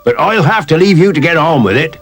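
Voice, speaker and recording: A man's voice: on the high side, animated, fairly quick, fairly bright tone, faint music behind, voice pushed up. A man voicing a jolly old seafaring man with hearty, old-fashioned sailor talk. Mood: kindly.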